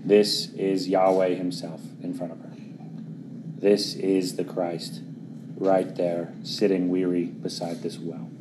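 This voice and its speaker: A man preaching a sermon, earnest, often dropping to a hushed voice for dramatic moments and then pushing louder for emphasis. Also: sits low, flat delivery, takes it slowly, noisy background. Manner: earnest, swings between quiet dramatic drops and louder emphatic pushes.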